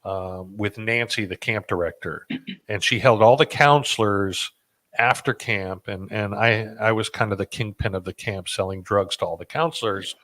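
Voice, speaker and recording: A male podcast host with a lowish, fairly bright voice chats casually at normal speed, telling a rambling story full of fillers and restarts and punctuated by self-deprecating laughs.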